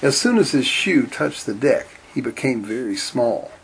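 A man reading a storybook aloud in a steady, deadpan way. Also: mid-range voice, normal speed, creaky, slightly rough. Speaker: narrator.

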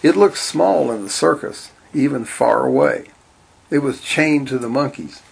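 Gravelly deadpan storyteller man. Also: medium pitch, a little slow. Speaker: narrator. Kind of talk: storybook read-aloud.

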